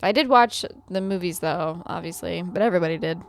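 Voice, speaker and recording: A woman's voice: lowish voice, fairly quick. A young adult woman chatting casually on a gaming livestream, playful and swearing freely as she riffs on accents. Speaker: gaming streamer. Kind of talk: casual livestream gameplay chat.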